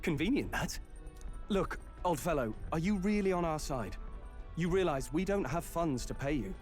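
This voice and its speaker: A man playing a curious young traveler from a fantasy game, his voice pitched high and earnest. He talks straight and plainly, and faint music sits under him. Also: lively intonation, moderate pace, a little mellow, lightly acted. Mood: wary.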